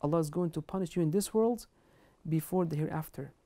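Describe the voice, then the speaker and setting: A woman's voice: deep voice, brisk, dark tone. Earnest woman giving an Islamic lecture. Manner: earnest, emphatic, quotes Arabic scripture and scholars. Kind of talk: religious lecture on kindness to parents.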